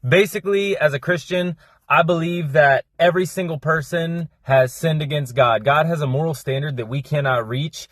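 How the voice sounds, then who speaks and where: A young man explaining a Bible story in a fast, casual, slangy monologue, cramming it in with lots of energy. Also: fairly high pitch, no room sound, studio quality. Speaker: Christian content creator.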